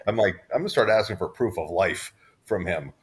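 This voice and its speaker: A man's voice: low-pitched, moderate pace. A man from Southern California, co-hosting a podcast in casual chat, rambling with restarts and fillers. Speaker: podcast co-host.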